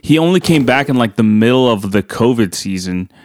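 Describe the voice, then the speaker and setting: Rambling, animated man talking soccer. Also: medium pitch, a little fast, no room sound, studio quality. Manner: animated, rambling, lots of fillers and restarts. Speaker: podcast co-host. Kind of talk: casual soccer chat.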